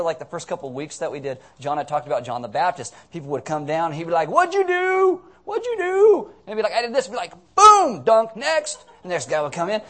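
Joking, conversational male pastor. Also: fairly high pitch. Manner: jokey, conversational, acts out quotes loudly. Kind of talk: sermon. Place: church sanctuary.

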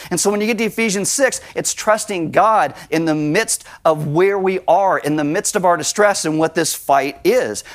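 A middle-aged man preaching a sermon in an animated way, sometimes acting out Bible scenes with sudden high cries. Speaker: pastor.

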